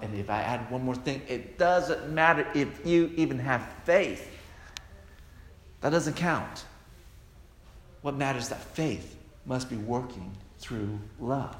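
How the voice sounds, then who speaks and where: A male pastor preaching a sermon with emphatic, repeated refrains, recorded in a church hall. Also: medium pitch. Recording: echoey hall with long reverb, faint noise.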